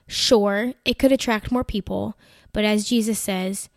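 A woman telling a personal faith story in a chatty, animated way, full of "like" and "you know". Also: medium pitch, measured pace, gravelly, no room sound, studio quality. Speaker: Christian content creator. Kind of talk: casual faith-based storytelling.

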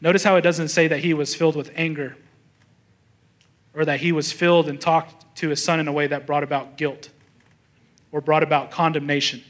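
A man's voice: on the high side, flat delivery, normal speed, pauses often. A young adult man, a pastor preaching a sermon, telling stories casually and acting out the thoughts of the people in them. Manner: storytelling, acts out quoted thoughts, restarts often.

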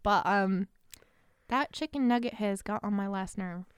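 A young woman co-hosting a casual anime podcast, animated and profane, laughing often and dropping into whispers. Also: medium pitch, measured pace, smooth, no echo, studio quality. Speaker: podcast co-host.

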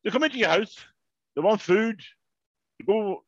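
A man rants through a story with lots of swearing, his voice jumping up and down in a high register. The sound is dry and dull, like a lo-fi podcast mic. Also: normal speed, no room sound. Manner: animated, swearing, ranting storyteller. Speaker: podcast co-host. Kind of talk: casual chat.

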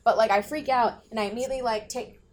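A woman's voice: fairly high pitch, steady tone, fast, darkish tone, slight background noise. Rambling, swearing woman chatting. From grew up in the country. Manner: rambling, swears freely, many fillers. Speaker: podcast co-host. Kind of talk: casual chat.

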